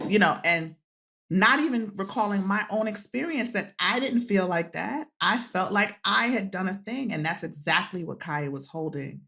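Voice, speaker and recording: A woman who is a podcast guest, telling a heartfelt story in an animated way, acting out quotes and laughing often. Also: mid-range voice, normal speed, vocal fry.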